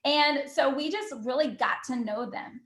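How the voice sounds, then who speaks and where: A woman giving an enthusiastic motivational talk on a team call, bubbly and quick, full of "you know" and "literally". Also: sits high, reverberant. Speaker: team call guest speaker.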